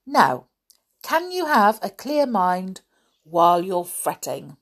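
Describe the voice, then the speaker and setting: A woman's voice: mid-range voice, sing-song, takes it slowly, exaggerated voice. Woman doing a kindly reassuring old-fashioned mouse doctor. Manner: gentle, reassuring, patient.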